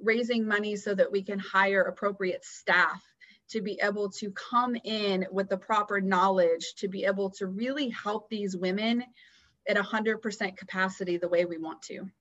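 A woman guest on a podcast, telling a personal story in an earnest, animated way. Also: mid-range voice, normal speed, muffled recording. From Houston area, US. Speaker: guest, founder of a nonprofit.

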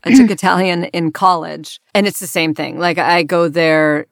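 Lower-voiced enthusiastic actress guest. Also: female voice, steady tone, moderate pace, vocal fry, no echo, clean studio sound. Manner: enthusiastic, laughs easily. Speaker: actress and casting director. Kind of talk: casual interview chat.

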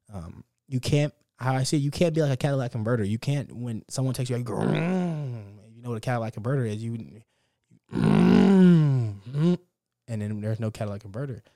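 This is a dry recording of a young man running his own podcast alone, his lowish voice mellow as he speaks close to the mic. He riffs without a script in a casual, upbeat, motivational way, circling back over the same points.

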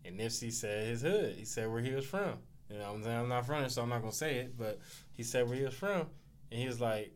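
A man's voice: mid-range voice, fast talker, slight background noise. Laid-back man from Southern California. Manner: laid-back storytelling, acts out quotes in raised voices. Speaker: podcast host. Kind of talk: casual chat.

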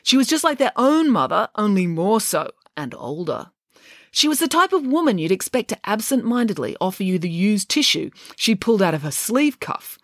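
A woman reading a children's story aloud with a wry, expressive delivery. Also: medium pitch, moderate pace, dry recording, studio quality. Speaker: narrator.

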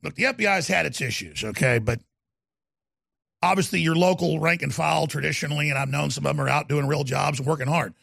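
A man hosting a talk radio show, his gravelly voice sitting fairly high for a man. He rants with heat, drops low, then bursts out loud again. The studio sound is dry and close. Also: quick pace, no room sound. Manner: emphatic ranting delivery, shifting between low growls and sudden loud outbursts. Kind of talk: fiery political talk radio monologue.

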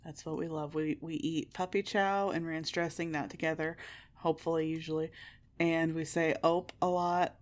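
A woman's voice: sits low, level tone, moderate pace. Swearing Midwestern woman, podcast co-host. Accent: Midwestern American. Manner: candid, profane, self-mocking, laughs often. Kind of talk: casual chat.

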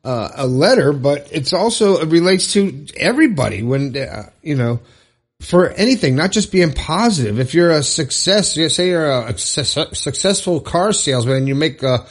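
A man's voice: fairly high pitch, animated, moderate pace. A man hosting his own podcast alone, talking in an encouraging, chatty way with casual fillers and restarts. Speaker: podcast host. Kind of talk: upbeat solo podcast monologue.

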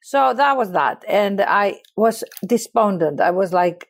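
A woman's voice: medium pitch, unhurried, few pauses. A middle-aged woman from Greece with a Greek accent, telling stories passionately in an interview. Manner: passionate, expressive storyteller. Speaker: guest. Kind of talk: storytelling in conversation.

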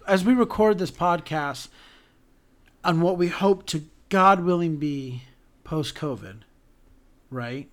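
Animated man podcasting about theater. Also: fairly high pitch, takes it slowly, long pauses. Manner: animated, emotional, talks through restarts. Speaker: podcast co-host.

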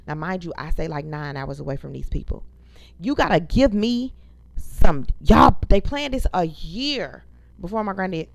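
A woman's voice: lowish voice, no echo. A woman, venting to viewers as host of her own casual talk show, emphatic and profane. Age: 30s. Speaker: podcast host. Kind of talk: casual storytelling rant.

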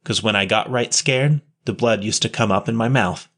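A man reading a story, voicing a poor street boy who talks in rough slang with double negatives. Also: fairly low pitch, moderate pace, a bit bright. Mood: plain, wary. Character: ragged, shy street boy, near twelve.

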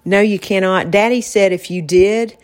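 A woman's voice: mid-range voice, fairly even intonation, normal speed, a little mellow. A woman hosting a podcast, talking in a reflective, casual way about faith and getting through hard times. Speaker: podcast host.

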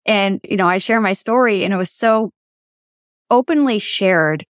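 A woman's voice: medium pitch, measured pace, dry recording, studio quality. A woman hosting a podcast interview, who talks in an earnest, reflective way and brings her faith into the conversation. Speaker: podcast host.

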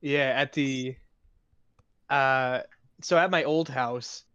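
A man's voice: medium pitch, steady tone, slow, fairly bright tone, clear, resonant tone, dry recording. A young man co-hosting a podcast, telling stories about himself in a laid-back, self-mocking way with lots of swearing. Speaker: podcast co-host. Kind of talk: casual chat. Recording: muffled, slightly lo-fi.

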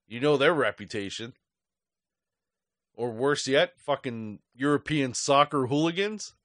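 A sports fan show host rants angrily and rambles off the cuff, swearing heavily. His medium-pitched male voice is a bit bright, with lively intonation and an unhurried pace. The audio is studio quality with no room sound.

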